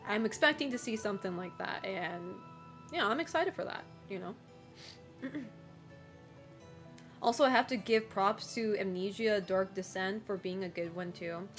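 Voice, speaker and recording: A woman streamer chatting casually with her viewers, rambling with lots of fillers and giggling often. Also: medium pitch.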